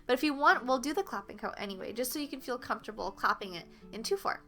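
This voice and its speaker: A woman's voice: fairly high pitch, expressive, fast talker, pushed and bright. A woman teaching a flute lesson, explaining patiently step by step and counting beats aloud. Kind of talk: online music lesson.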